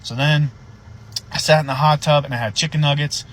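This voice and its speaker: A man, a sheriff's deputy, casually telling a story in a profane, animated way. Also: a little high, a little fast, rough recording.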